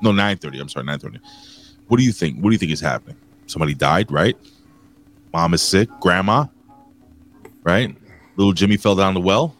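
A man's voice: low-pitched, animated, a little fast, pauses often, fairly bright tone. A man co-hosting a wrestling talk show, rambling and cursing while joking around. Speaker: wrestling podcast co-host. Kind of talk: casual chat.

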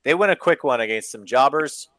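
A man's voice: medium pitch, animated, a little fast, a bit bright, no room sound. Man ranting about wrestling, sweary. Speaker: podcast co-host. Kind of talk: casual chat.

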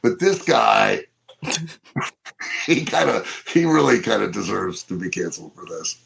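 A middle-aged man co-hosting a casual wrestling podcast, telling stories in an animated way and acting out what people said. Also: on the low side, measured pace, creaky, slight background noise, low-quality recording. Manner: animated storyteller, acts out quotes. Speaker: co-host.

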